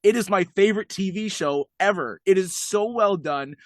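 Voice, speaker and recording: A man's voice: high voice, no echo, studio quality. A man co-hosting a podcast, chatting casually and enthusiastically over a video call. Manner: enthusiastic, chatty, quick asides. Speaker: podcast co-host. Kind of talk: casual chat.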